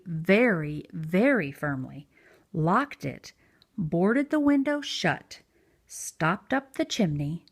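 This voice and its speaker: A woman reading a picture book aloud to young children, gentle and expressive. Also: lowish voice. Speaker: children's story reader. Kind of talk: read-aloud storytelling for preschoolers.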